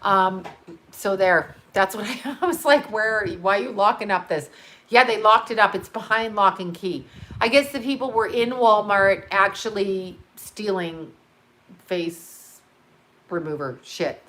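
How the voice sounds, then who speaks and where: A woman's voice: mid-range voice, a little slow, fairly bright tone. Chatty, swearing woman on a livestream. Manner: chatty, swears freely, laughs at own jokes. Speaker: livestream host reading viewer comments. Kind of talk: casual livestream chat.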